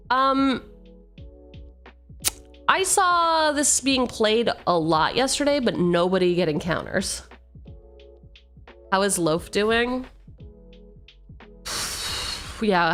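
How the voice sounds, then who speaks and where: A woman streamer chatting casually with her viewers, rambling, joking at herself and reading card text aloud. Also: medium pitch. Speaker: streamer opening card packs. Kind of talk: casual live-stream chat.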